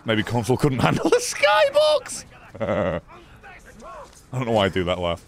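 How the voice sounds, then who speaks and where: A man giving excitable, sarcastic commentary over his own gameplay, often swearing. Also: medium pitch, a little fast. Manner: excitable, sarcastic, swearing, frequent yelps and laughs. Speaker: gaming channel host.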